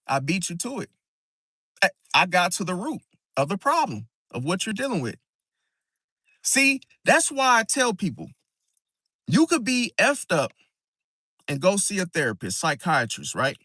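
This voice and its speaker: A man's voice: sits high, big pitch swings, unhurried, pauses often, pushed and bright, no echo, clean studio sound. A man hosting an astrology video, talking casually and emphatically, keeps asking "see?" and calling the listener "bro", often restarting and repeating words as he explains. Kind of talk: casual monologue to camera.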